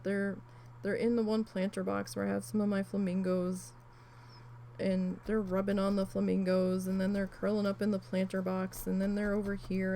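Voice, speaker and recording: A crafting vlogger needle felts while telling a long story in a rambling, chatty, animated way, full of asides and mild swearing. Her voice is gravelly and creaky at a middle pitch, and the low-quality recording carries a faint background noise.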